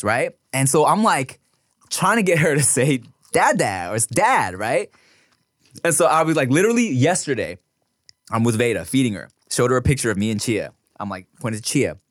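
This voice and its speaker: A man in his thirties chatting on a podcast, his pitch leaping up and down as he acts out little scenes. He curses freely and talks with loose, excited energy. The sound is dry and close. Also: normal speed, dry recording. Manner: animated storyteller, swearing, acts out voices. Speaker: podcast co-host. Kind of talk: casual chat.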